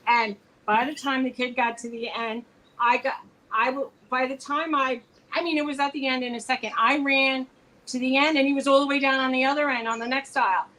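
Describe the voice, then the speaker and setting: A woman's voice: sits high, fairly even intonation, a little fast, bright, forceful tone, low-quality recording. A woman co-hosting a casual chat between friends, telling rambling stories full of restarts. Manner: rambling storyteller, restarts often. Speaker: co-host.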